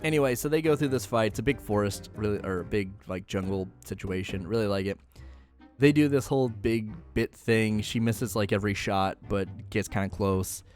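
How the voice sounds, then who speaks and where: A man's voice: lowish voice, moderate pace, darkish tone, faint music behind. Rambling, joking man recapping anime. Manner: joking, rambling, laughs often. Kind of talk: casual episode recap.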